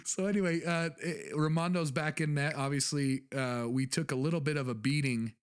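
A man's voice: fairly high pitch, fairly even intonation, fairly quick, background noise. A man hosting a soccer podcast in casual chat. He jokes, rambles and laughs often. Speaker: podcast host.

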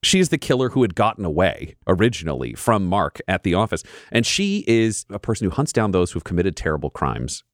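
A man running an improvised tabletop game as game master, narrating with theatrical, playful flair. His voice is fairly low but swings widely in pitch. He sounds dry and close, as in a studio. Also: sing-song, a little fast, hardly any pauses, no room sound.

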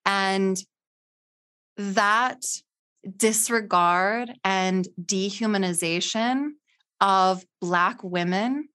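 A woman interviewing a guest, speaking emphatically and with indignation, leaning on key words slowly. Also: mid-range voice, sharp tone, clear, resonant tone. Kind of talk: interview conversation.

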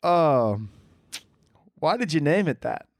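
Dude doing a solo podcast rant, crude jokes, kinda high voice, dry close mic. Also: male voice, sing-song, slow pace, dry recording. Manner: crude, joking, rambling with frequent restarts and laughs. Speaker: podcast host.

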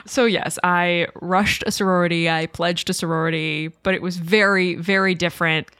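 A woman's voice: on the low side, steady tone, moderate pace, fairly bright tone, smooth, no room sound, studio quality. A woman co-hosting a podcast in casual chat, laughing often and talking playfully. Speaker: podcast co-host.

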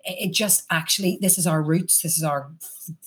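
A woman's voice: low-pitched, moderate pace, husky. A middle-aged Irish woman chatting as a stage actor guest, rambling with many restarts and fillers. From Ireland. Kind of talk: casual chat.

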